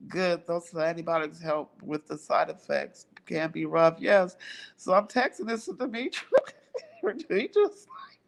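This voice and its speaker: A woman's voice: low-pitched, normal speed, vocal fry. Chatty older woman who laughs a lot. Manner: laughs often, animated storytelling with lively quoted voices. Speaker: livestream host. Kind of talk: casual chat with viewers.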